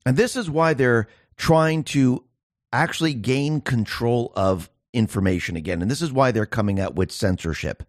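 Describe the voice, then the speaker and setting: A man's voice: medium pitch, moderate pace, no echo. Emphatic male commentary host, dry recording. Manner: emphatic, repetitive, rhetorical questions. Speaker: show host. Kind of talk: political commentary monologue.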